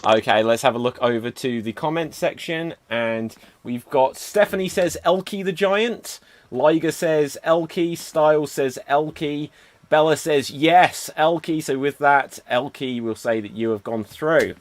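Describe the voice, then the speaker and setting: Upbeat male host, a bit higher-pitched, running an improv stream. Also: a little slow, no echo. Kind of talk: livestream hosting.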